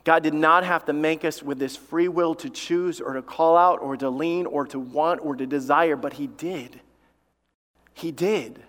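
A male pastor preaching with fervent, repetitive emphasis, his voice sitting a touch higher than most men's. He weaves family stories into the sermon. The sound carries a long reverb from a large church hall. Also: unhurried, fairly bright tone. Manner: tells family stories from the pulpit. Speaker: lead pastor.

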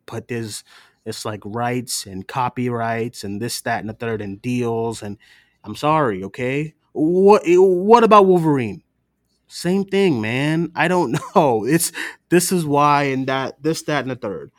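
In clean, echo-free studio sound, a man with a medium-pitched voice talks a little slowly. He's co-hosting a movie podcast, chatting casually and telling stories in an animated way, acting out the voices of his relatives and other people.

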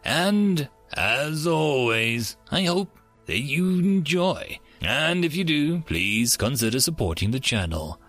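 A man narrating science fiction stories in a scripted reading, with an expressive delivery. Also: on the high side, slow pace, faint music behind. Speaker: story narrator. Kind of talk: scripted sci-fi story narration.

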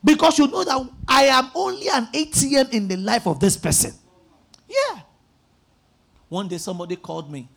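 A male pastor preaching with an unusually high, gravelly voice that has a husky edge. His pitch swings widely as he tells stories and acts out conversations. At his most emphatic he breaks into shouts. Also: normal speed. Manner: animated storytelling, acting out phone conversations. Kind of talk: sermon.

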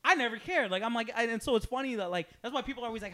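High, lively young man telling stories. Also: rapid-fire. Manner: laughing, swearing storyteller with quoted voices. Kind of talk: casual podcast chat.

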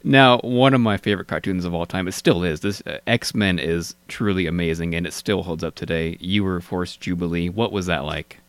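A man in his late twenties with a Western American accent, hosting a casual interview with relaxed, fan-like enthusiasm. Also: low-pitched, normal speed, hardly any pauses, smooth, no echo. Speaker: interview host.

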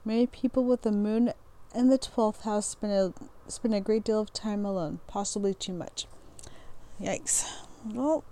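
Mellow-voiced woman reading astrology aloud. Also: mid-range voice, fairly even intonation, a little slow. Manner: reads aloud with stumbles, restarts and frequent "um"; laughs at herself, loose and informal. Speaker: podcast host. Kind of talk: casual reading and chat about astrology.

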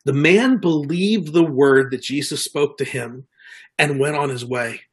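A man's voice: a little high, unhurried, slightly rough. A middle-aged man preaching a sermon in an earnest way, often repeating words and restarting. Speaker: pastor.

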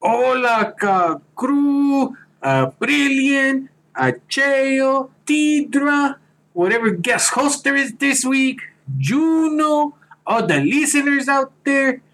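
A woman listener sending a friendly recorded greeting to a podcast, speaking in a drawn-out way. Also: high-pitched, animated, a bit bright. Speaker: listener sending an audio message.

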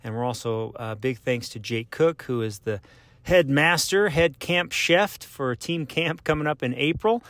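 A man's voice: medium pitch, no echo. A man hosting a casual podcast, upbeat and rambling with fillers. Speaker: podcast host.

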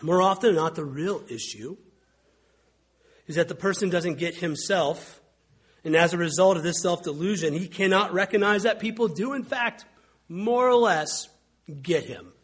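A man delivers a sermon in a relaxed, conversational way, slipping wry anecdotes into his teaching. His voice sits a little high for a man. It has a husky, breathy edge. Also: normal speed. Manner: conversational, wry storytelling with mimicked quotes. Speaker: pastor.

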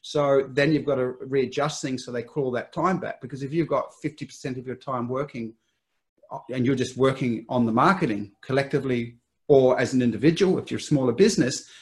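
A middle-aged man in a relaxed business conversation, laying out his rules of thumb on time and marketing. He often restarts mid-sentence and sometimes laughs at himself. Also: medium pitch. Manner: quick, laughing, self-interrupting explanations. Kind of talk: casual business chat.

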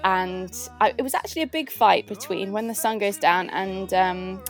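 A young woman from the south of England with a posh accent, chatting casually and cheerfully about her favourite songs, lively and quick to laugh. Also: mid-range voice, soft background music. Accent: posh southern English. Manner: chirpy, lively, laughs often. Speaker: guest sharing favourite songs. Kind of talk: casual chat.

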